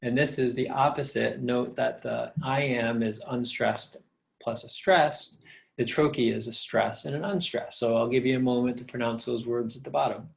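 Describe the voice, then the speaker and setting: A man's voice: medium pitch, fairly even intonation, moderate pace, vocal fry. A middle-aged man, a professor, patiently explaining step by step in a recorded lecture.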